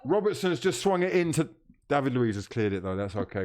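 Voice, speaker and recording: A man's voice: mid-range voice, sing-song, a little fast, darkish tone. A man hosting a live football watchalong stream, reading out chat comments, teasing viewers and laughing often.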